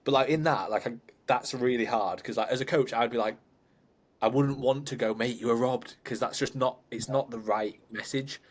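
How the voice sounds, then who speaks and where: A man co-hosts a relaxed podcast chat in a middle-pitched voice. He talks bluntly and casually, dropping the odd swear word as he makes his point. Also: normal speed. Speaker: podcast co-host, bodybuilding coach.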